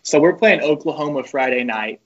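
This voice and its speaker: A young man, a former college pitcher, telling loose, profane stories as a podcast guest. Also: expressive, brisk, muffled recording. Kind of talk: casual podcast chat.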